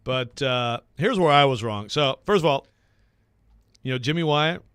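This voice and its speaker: A man hosting a sports talk radio show, rambling and self-deprecating, quick to laugh. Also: medium pitch, lively intonation, a bit bright, clean tone, dry recording, clean studio sound.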